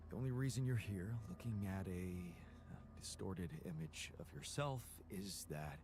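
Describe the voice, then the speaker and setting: An actor playing a patient man in a video game who calmly reassures and guides his newly made double in a measured, soothing way. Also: sits low. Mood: reassuring. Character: calm male creator, patient, reassuring guide.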